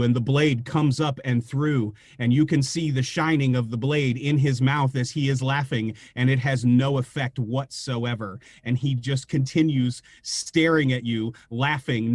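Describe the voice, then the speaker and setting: A man narrating a horror tabletop game as game master, describing scenes slowly and vividly. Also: medium pitch, a little mellow, dry recording.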